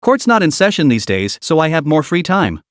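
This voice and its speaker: A man narrating a story while voicing a gentle young male attorney who speaks softly. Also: on the high side, sing-song, normal speed, no room sound, studio quality.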